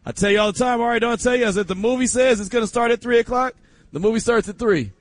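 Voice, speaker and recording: A man hosting a sports talk show, loose and jokey with animated banter. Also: extremely high pitch, fast, dry recording. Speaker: sports talk radio host.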